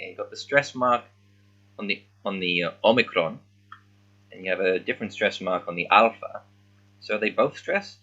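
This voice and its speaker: A man's voice: lowish voice, moderate pace, long pauses, sharp tone, slightly rough, lo-fi sound. Man puzzling aloud over a text. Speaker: language learner. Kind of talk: casual thinking-aloud readalong.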